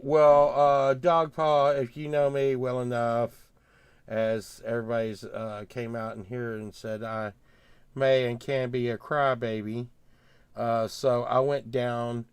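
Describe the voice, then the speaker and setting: A man's voice: medium pitch, steady tone, takes it slowly, smooth, no room sound. A middle-aged man, telling a rambling, heated story in casual chat.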